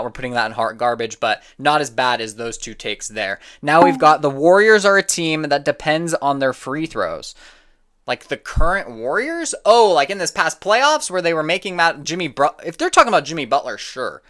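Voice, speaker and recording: A man's voice: on the high side, very animated, moderate pace, fairly bright tone. A man giving casual reaction commentary on sports opinions, opinionated and prone to getting heated and exasperated. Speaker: sports content creator.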